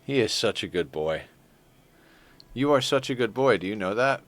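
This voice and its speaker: While playing on a live game stream, a man chats casually in a lowish, expressive voice at a moderate pace. He rambles, gets flustered easily, and is self-deprecating.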